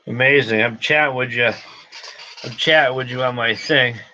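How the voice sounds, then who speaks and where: A man's voice: mid-range voice, steady tone, measured pace, bright, forceful tone. Frustrated man muttering on a livestream. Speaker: gun shop livestream host. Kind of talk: casual livestream chat. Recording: slightly dull lo-fi sound.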